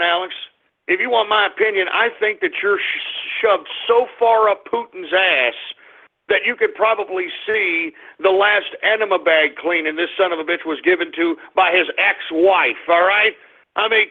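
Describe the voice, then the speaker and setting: A man's voice: high voice, moderate pace. A man hosting a call-in show, ranting indignantly and swearing about rude customers and a troll caller. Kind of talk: ranting call-in talk radio. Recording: tinny phone-like line.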